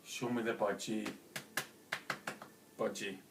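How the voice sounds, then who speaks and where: A man's voice: on the low side, little pitch movement, slow pace, vocal fry, noisy background, pitched below the performer's own voice. A man voicing a heartbroken, lonely customer in a joke, talking in a broad, chatty way; a roomy, distant home video. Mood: pleading.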